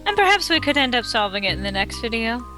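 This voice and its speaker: A woman's voice: fairly high pitch, big pitch swings, fast talker, over music. A woman guest joining a let's play, chatting casually in a teasing way. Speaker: guest co-commentator. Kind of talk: casual chat.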